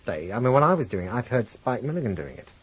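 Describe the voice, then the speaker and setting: A man with a posh English accent, reminiscing candidly as an interview guest, animated when telling stories. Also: mid-range voice, fast, breathy edge, rough recording. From England, grew up in Birmingham. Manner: reflective, animated storyteller, lifts voice for quotes. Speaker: guest, comedian and impressionist.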